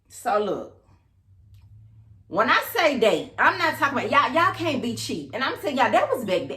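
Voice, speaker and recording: A woman in her thirties hosting a podcast, telling a dating story in a sassy, animated, casual way and talking straight to her listeners. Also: on the high side. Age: 30s. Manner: animated, sassy, addresses listeners as girl and y'all. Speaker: podcast host. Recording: roomy echo.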